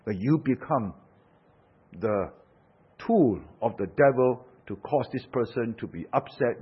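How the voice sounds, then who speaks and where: A man's voice: medium pitch, animated, unhurried, husky. A man preaching a sermon, emphatic, asking rhetorical questions and swelling and dropping his force. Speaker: pastor. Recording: dull lo-fi sound.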